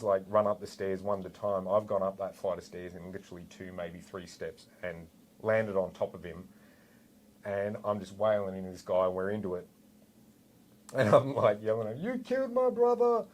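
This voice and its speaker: Australian man with a low voice. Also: moderate pace. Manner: animated, rambling with fillers and asides. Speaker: guest, former police officer. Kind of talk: casual storytelling anecdote.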